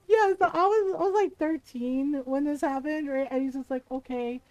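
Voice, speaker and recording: A woman streamer telling a family story in casual chat, animated, often laughing and asking "right?". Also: high-pitched, moderate pace, dry recording, rough recording.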